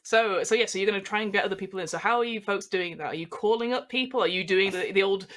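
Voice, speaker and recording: A woman's voice: mid-range voice, fast talker, fairly bright tone. A woman narrating as game master of a tabletop role-playing game, chatty and rambling. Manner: chatty and rambling, full of fillers.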